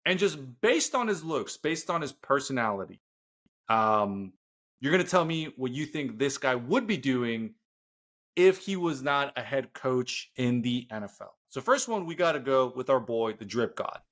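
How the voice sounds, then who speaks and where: Animated young guy on a sports podcast. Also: mid-range voice. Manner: animated, jokey storytelling with quick bits of mimicry. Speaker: podcast co-host. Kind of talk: casual sports chat.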